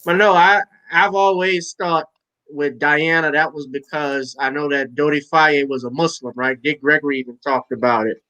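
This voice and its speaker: A man's voice: a little high, fairly even intonation, normal speed, pushed and bright, rough recording. A man hosting a casual live-stream panel, chatty and laughing, with many hesitant fillers.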